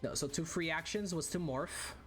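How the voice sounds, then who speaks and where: A man's voice: a little high, normal speed, soft background music. A man running a tabletop role-playing game, narrating in a loose, rambling way full of "like" and "uh". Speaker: game master.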